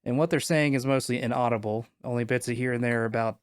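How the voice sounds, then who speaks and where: A man in a mid-pitched voice runs a tabletop game, casual and loose, trailing off and restarting often. The sound is dry and close, no room in it. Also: steady tone, fast talker, smooth, dry recording. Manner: casual, many fillers and restarts. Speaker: game master.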